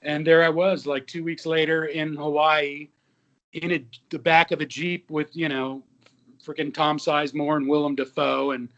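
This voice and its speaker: A man in his fifties, an actor and musician, telling lively anecdotes with quoted dialogue in a casual interview. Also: fairly high pitch, moderate pace, highs cut off.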